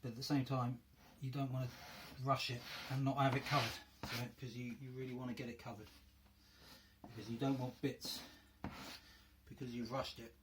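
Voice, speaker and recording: Recorded with background noise, this North London man has a mid-range voice and hosts a crafting video. It's a casual hands-on tutorial set in his home workroom, and he stays chatty, thinking out loud while he works.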